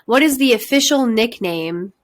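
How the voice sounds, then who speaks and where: A woman's voice: a little high, lively intonation, normal speed. Upbeat woman hosting a podcast trivia. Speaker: podcast host. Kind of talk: casual chat, hosting trivia.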